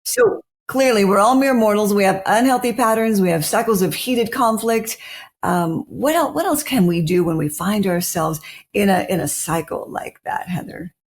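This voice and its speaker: A woman's voice: medium pitch, moderate pace. A woman co-hosting a podcast interview, chatty and self-deprecating in an easy conversational way. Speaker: podcast co-host. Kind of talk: casual interview talk.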